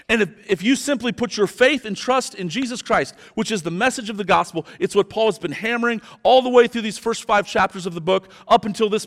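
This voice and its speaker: Pastor type, male, high voice, emphatic sermon delivery, big church reverb. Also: a bit bright. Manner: emphatic preaching, slows down for stress. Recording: long hall reverb.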